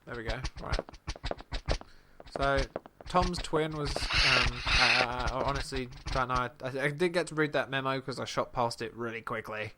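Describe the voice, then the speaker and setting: A man's voice: medium pitch, normal speed. A man giving casual, self-mocking commentary while streaming a video game. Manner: chatty, self-mocking muttering. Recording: noisy live stream mic.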